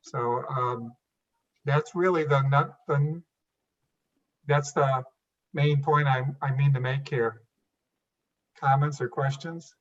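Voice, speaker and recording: A man's voice: mid-range voice, fairly even intonation, slow pace, pauses often, far from the mic, dull audio. A man giving a financial report at a board meeting, hesitant with frequent restarts.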